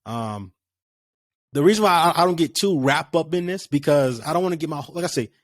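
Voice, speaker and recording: A man's voice: a little high, lively intonation, fairly quick, no room sound. A man hosting a casual solo sports podcast, rambling with lots of fillers and restarts. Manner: rambling, conversational, many fillers.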